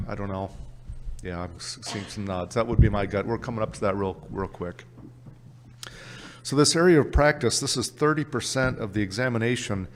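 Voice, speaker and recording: A man with a Canadian accent presenting an exam prep workshop at a conference, brisk and upbeat. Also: medium pitch, in a large hall, a little hiss or hum. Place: conference session room.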